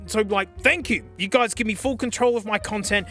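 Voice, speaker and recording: A young man chatting casually in a vlog, slangy and excitable, groaning and yelling as he tests gadgets. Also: high voice, fairly quick, faint music behind. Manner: excitable, slangy, yells and groans while testing gear. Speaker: tech reviewer.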